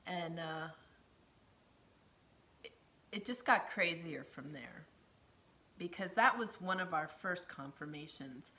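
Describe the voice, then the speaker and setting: A woman earnestly telling a personal story, emotional and often dropping to a hushed near-whisper, with laughs between phrases. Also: on the low side, lively intonation, takes it slowly, pauses often. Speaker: storyteller sharing her testimony.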